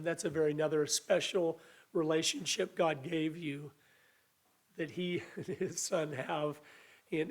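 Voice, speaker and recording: A high-voiced man delivering a sermon. He speaks earnestly and conversationally, with a voice that sounds a little weak. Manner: earnest, conversational preaching with restarts and acted quotes. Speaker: preacher.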